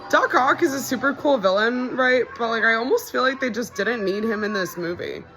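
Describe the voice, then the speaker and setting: A woman's voice: fairly high pitch, fairly quick, bright, forceful tone, faint music behind. A young woman in casual movie reaction commentary, chatty and wry, often incredulous and laughing.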